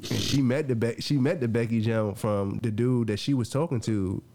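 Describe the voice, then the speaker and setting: A man hosting a podcast, telling a personal story in a casual, animated way, acting out what people said and laughing often. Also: medium pitch, moderate pace. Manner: animated, acts out quoted lines, laughs often. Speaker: podcast host.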